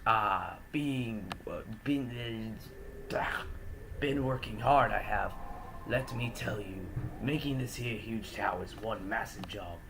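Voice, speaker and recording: A man voicing a weary male construction worker with a slow, folksy drawl. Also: lowish voice, creaky, background noise.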